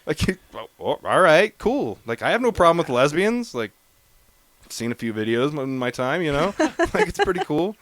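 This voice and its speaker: A young man tells a story on a podcast, swearing freely and laughing as he goes. His pitch sits a little high and swings widely, and the sound is dry and close. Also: moderate pace, no room sound. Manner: profane, animated storyteller. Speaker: podcast co-host. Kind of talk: casual storytelling chat.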